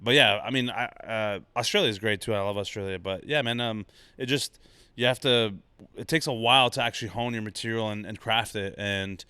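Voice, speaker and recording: A male stand-up comedian chatting as a podcast guest, relaxed and reflective, often repeating words as he thinks. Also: on the low side, brisk, smooth, no room sound. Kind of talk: casual podcast chat.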